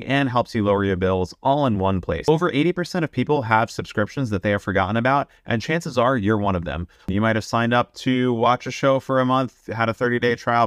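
A man's voice: medium pitch, no room sound, studio quality. A man co-hosting a podcast, reading a sponsor spot and telling stories in a laid-back, casual way. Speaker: podcast co-host. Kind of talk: casual chat and ad read.

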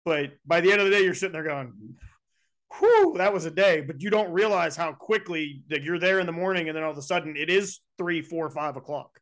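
A man hosting an interview, asking questions in a halting way with frequent restarts. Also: a little high, lively intonation, fairly bright tone. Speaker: interviewer, former student. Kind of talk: casual interview.

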